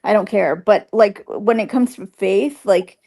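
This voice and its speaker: A woman's voice: mid-range voice, measured pace, creaky, a little mellow. A woman on a podcast, talking earnestly and a bit hesitantly, with many likes and fillers. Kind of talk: casual chat.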